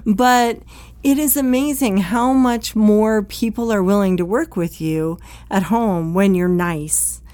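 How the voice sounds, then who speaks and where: A woman's voice: medium pitch, takes it slowly, darkish tone, no echo. A direct, plain-spoken woman teaches first responders about communication at home. She talks in a conversational way and briefly acts out quoted exchanges. The recording is dry and close, with almost no room sound.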